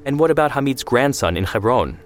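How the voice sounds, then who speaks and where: A man voicing an angry, mocking young man who shouts at his brother. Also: mid-range voice, animated, brisk, faint music behind, pitched above the performer's own voice, natural voice. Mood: scornful.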